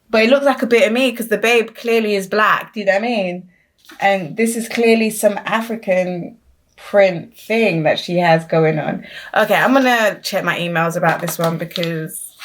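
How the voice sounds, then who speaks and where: A woman's voice: medium pitch, a little hiss or hum. Chatty woman unboxing books. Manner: chatty, trailing off with frequent ums and self-corrections. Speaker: book vlogger. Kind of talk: casual unboxing vlog. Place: at home.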